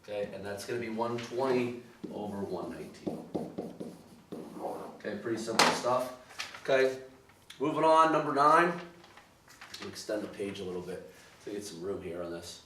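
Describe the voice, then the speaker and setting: With a fairly low, sharp voice, a man teaches math in an animated way at a moderate pace, taking long pauses and often saying "okay" and "all right" as he solves problems step by step. He is recorded from a distance, somewhat off-mic, in an echoey room with clear background noise.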